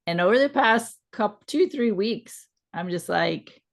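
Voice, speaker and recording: A woman co-hosting a podcast, telling a story from work in a relaxed, conversational way with a gently reassuring manner. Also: medium pitch, a little slow, creaky. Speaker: podcast co-host.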